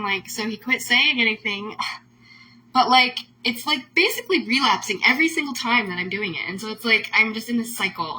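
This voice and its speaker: A woman's voice: mid-range voice, sharp tone, slight background noise, rough recording. A woman host talking casually on a livestream, emotional and rambling, full of "like" fillers. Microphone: phone or webcam on a livestream.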